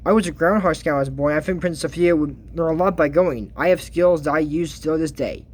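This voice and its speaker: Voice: medium pitch, fairly quick, a little mellow, pitched below the performer's own voice, lightly acted. A commentator reading out a fussy middle-aged male royal steward from a cartoon, prim and eager to please.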